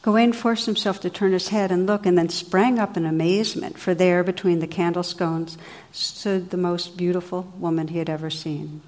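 A woman narrating a storybook tale in a calm, even and descriptive way. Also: fairly low pitch, normal speed.

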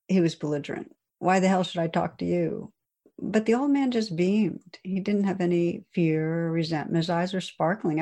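Woman teaching meditation, low voice, mellow tone, gentle reflective storytelling, soft pauses. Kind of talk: dharma talk with storytelling.

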